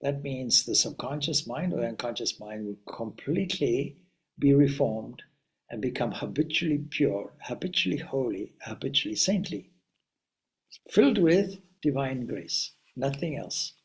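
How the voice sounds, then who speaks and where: A man, a swami, giving a spiritual teaching talk to seekers in a Q&A session. He speaks in a measured, reflective way, builds long lists of phrases and now and then pauses on an "uh". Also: medium pitch, lively intonation. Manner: reflective, with occasional "uh" fillers.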